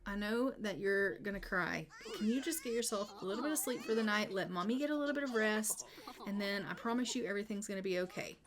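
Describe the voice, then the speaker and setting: A woman voicing an exhausted young mother in a life-sim game, speaking in a sweet, pleading, higher tone. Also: fast, a crowd in the background, natural voice.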